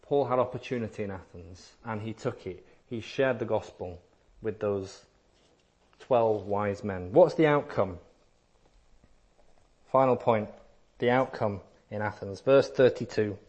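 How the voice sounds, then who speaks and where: A man's voice: lowish voice, unhurried, long pauses, darkish tone, highs cut off. A man preaching a sermon, emphatic and repetitive, sometimes acting out listeners in a lighter voice.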